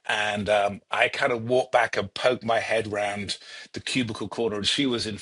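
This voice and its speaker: Fairly bright yet husky, his voice runs on the low side with fairly even intonation at a moderate pace. He's a middle-aged British HR executive from the UK, a podcast guest telling stories in a casual interview, chatty and self-deprecating and full of ums.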